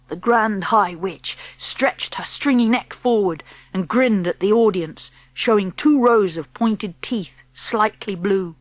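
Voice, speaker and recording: A woman narrating a children's audiobook in a lively storytelling manner. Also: medium pitch, takes it slowly, hardly any pauses, no echo. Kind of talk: scripted narration.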